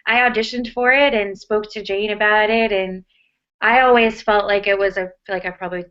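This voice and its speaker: A woman's voice: mid-range voice, steady tone, normal speed, pushed and bright. An American woman answering interview questions casually, chatty with lots of fillers and restarts. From United States. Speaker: actress, interview guest. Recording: muffled lo-fi audio.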